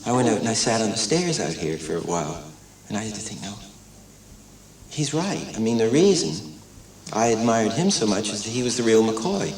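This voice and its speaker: An older man, an animator and director, telling stories in a documentary interview with lively acting-out of quotes and many restarts. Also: fairly low pitch, normal speed. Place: animation studio. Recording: echoey room, distant mic, crowd noise.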